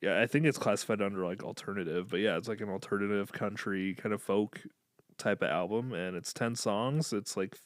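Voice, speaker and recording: A man's voice: lowish voice, brisk, no echo, studio quality. A man from Illinois co-hosting a podcast, chatting casually and enthusiastically about an album, with lots of fillers and restarts. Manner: rambling, filler-heavy, enthusiastic. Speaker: podcast co-host. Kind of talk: casual music review chat.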